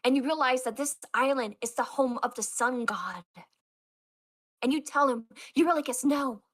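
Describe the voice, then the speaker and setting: A woman's voice: high voice, normal speed, a bit bright. A woman acting as game master, narrating a tabletop role-play with dramatic, stammering storytelling.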